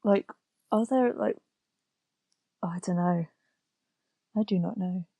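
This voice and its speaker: A woman's voice: lowish voice, slow, creaky, warm tone, slightly rough, no echo. A woman chatting casually as a guest artist while drawing, giggly and playful.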